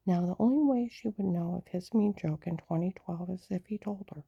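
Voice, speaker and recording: Woman, lowish and very dark-toned, rambling personal monologue with frequent whispered asides. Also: brisk, vocal fry, few pauses, breathy edge, dry recording, lo-fi sound. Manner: rambling, often slips into a hushed whisper. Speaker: storyteller recounting her own life.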